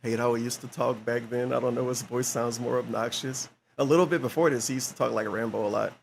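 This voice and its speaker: Gravelly, sarcastic streamer guy. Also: medium pitch, steady tone, fast, a little hiss or hum. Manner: sarcastic and mocking. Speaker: streamer reacting to a video. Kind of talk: casual commentary.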